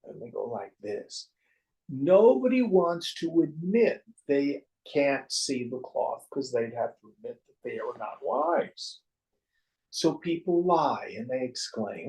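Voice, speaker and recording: Slow, gravelly man teaching. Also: medium pitch, lively intonation, darkish tone, poor audio. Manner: storytelling, wry and joking. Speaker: spiritual teacher. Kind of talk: teaching a class on scripture.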